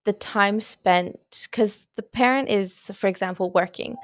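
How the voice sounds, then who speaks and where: A young woman in her twenties hosts a podcast interview. She asks questions tentatively, hedging with many qualifiers. Her voice is mid-pitched and dry. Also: measured pace, dry recording. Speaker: podcast host.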